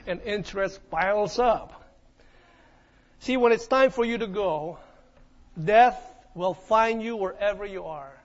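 A man's voice: sits high, muffled recording. A man preaching a sermon as pastor, asking the congregation questions and retelling events dramatically.

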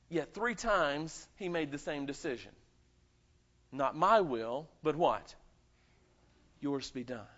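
A man preaching a sermon with dramatic swings between loud, high emphasis and quiet, low asides. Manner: animated preaching with dramatic swings in pitch and volume. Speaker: pastor. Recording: muffled lo-fi sound.

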